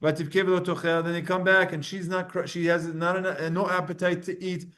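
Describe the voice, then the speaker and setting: A man's voice: high-pitched, flat delivery, a little fast, fairly bright tone. A man teaching a Talmud class, reading Hebrew verses aloud and then translating and explaining them in casual English. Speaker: Torah teacher.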